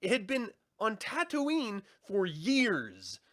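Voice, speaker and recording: A man co-hosting a casual review show, relaxed and chatty, laughing often and swearing casually. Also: high voice, takes it slowly, dry recording, studio quality. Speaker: podcast co-host.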